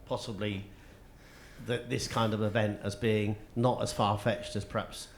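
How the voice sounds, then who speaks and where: A man's voice: fairly low pitch, level tone, a little slow, slight background noise. A man interviewing an author on stage, asking admiring questions.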